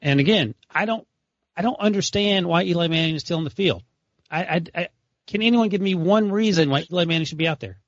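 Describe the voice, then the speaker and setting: Mid-pitched male voice delivering deadpan, sarcastic sports takes. The recording is muffled and lo-fi, with a close, dead sound. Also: fairly quick, no echo. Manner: dry, sarcastic one-liners. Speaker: podcast co-host. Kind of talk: casual sports banter. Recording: dull, lo-fi, dry studio sound.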